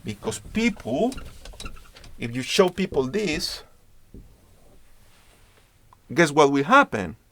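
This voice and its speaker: Lively gravelly man teaching branding. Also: fairly high pitch, takes it slowly, pauses often, no echo. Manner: emphatic, repeats key points; acts out dialogues with friends. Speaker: branding lecturer. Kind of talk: online business class.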